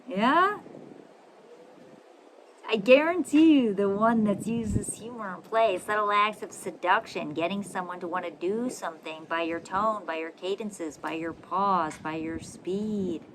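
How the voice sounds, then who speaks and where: A woman who hosts a podcast and coaches listeners on communication. She talks in an animated, affectionate way and keeps checking that listeners agree. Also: mid-range voice, a little slow. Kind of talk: coaching monologue. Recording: noisy recording with ambient and traffic sounds.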